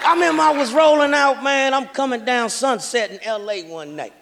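A man performing a stand-up comedy routine, loud and profane, shouting his punchlines. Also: extremely high pitch, fairly quick, creaky, crowd noise, background noise. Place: comedy stage before a large audience. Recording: live show with loud roaring audience.

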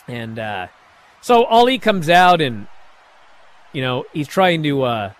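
A man with a fairly high voice recaps a wrestling show in a casual, sarcastic way. His pitch swings widely as he acts out lines in sudden, loud bursts. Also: sing-song, takes it slowly.

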